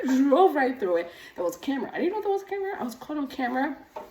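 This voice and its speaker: High-voiced woman vlogging in an echoey room. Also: racing. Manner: animated storytelling, acts out quoted voices. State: slightly out of breath from exercise bike. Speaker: nurse practitioner and coach. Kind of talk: casual talking-head vlog. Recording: echoey room, mic at a distance.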